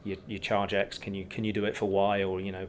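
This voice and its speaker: A man guesting as a business coach, telling his anecdotes briskly and chuckling at his own points. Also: deep voice, completely flat delivery, a little hiss or hum. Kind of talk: anecdotal interview talk.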